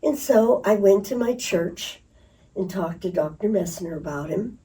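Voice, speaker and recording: Picked up by a distant microphone, an older woman of medium pitch speaks at a measured pace, reminiscing through lively stories in an interview, laughing and doing voices.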